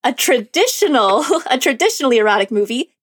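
A woman's voice: on the high side, very animated, a little fast. A woman co-hosting a movie podcast in casual, chatty talk, laughing often. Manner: giggly, chatty, frequent laughs. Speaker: podcast co-host.

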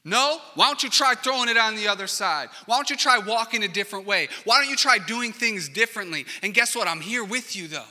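Preacher doing loud coaxing shore caller, high and bright, long hall echo. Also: male voice, lively intonation, fairly quick, hardly any pauses, exaggerated voice. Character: man calling out loudly from a shore.

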